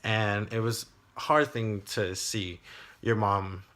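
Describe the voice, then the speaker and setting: A young man, telling a personal story in a video diary, halting, with many fillers and restarts. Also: fairly low pitch, fairly even intonation, sharp tone. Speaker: vlogger.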